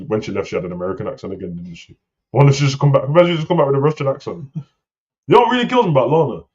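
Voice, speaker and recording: A man co-hosting a wrestling talk show, rambling and animated in casual slang. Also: fairly low pitch. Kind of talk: casual chat. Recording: slightly dull lo-fi sound.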